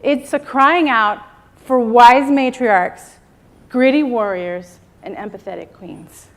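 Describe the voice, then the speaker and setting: A woman's voice: on the high side, takes it slowly. A middle-aged woman giving a rousing motivational speech on stage, calling out to her audience and drawing replies. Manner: rousing, call-and-response with the audience. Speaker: keynote speaker. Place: event stage before a live audience.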